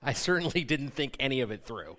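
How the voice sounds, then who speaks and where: A man's voice: mid-range voice, big pitch swings, a little fast, sharp tone. A man in his forties, a pastor, preaching a sermon by telling a self-mocking personal story and acting out the dialogue.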